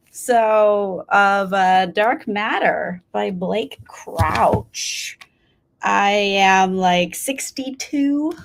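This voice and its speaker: Reading chat replies aloud on her casual reading livestream, a thirtysomething woman with a slightly high voice keeps things chatty. Casual swearing and frequent laughter run through her talk.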